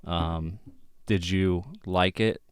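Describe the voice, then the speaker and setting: A man's voice: sits low, steady tone, drawn-out words, clean tone, no room sound, clean studio sound. A man hosting a podcast in casual chat, easygoing, laughing often and using many fillers. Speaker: podcast host.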